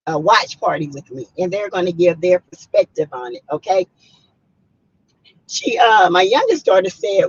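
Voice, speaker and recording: A woman's voice: on the low side, slightly rough, muffled recording. A middle-aged woman, hosting a casual livestream, greeting viewers by name and giving frank opinions. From South Carolina, US. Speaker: host of a reality-TV review livestream. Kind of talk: casual live-stream commentary.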